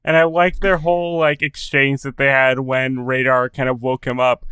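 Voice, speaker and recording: A man's voice: mid-range voice, moderate pace, clean tone, no echo. A man co-hosting a podcast, chatting casually about a TV episode and acting out quotes with laughs. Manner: animated, laughs often, acts out quotes. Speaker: podcast co-host. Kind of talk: casual chat recapping a TV episode.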